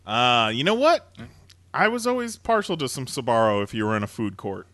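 A man's voice: medium pitch, very animated, moderate pace, fairly bright tone, no room sound. A man hosting a podcast in casual chat, chatty with many fillers and frequent laughter. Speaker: podcast host.

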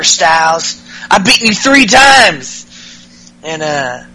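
A man's voice: fairly high pitch, expressive, slow pace, long pauses, sharp tone, slight background noise, rough recording. A man hosting a podcast, recapping wrestling in a crude, jokey way and mocking wrestlers with put-on voices. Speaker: podcast host.

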